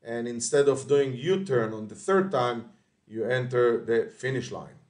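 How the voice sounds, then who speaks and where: A man's voice: medium pitch, measured pace, a little mellow, distant mic. Man giving a hesitant race briefing in an echoey room. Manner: hesitant, many fillers and self-corrections.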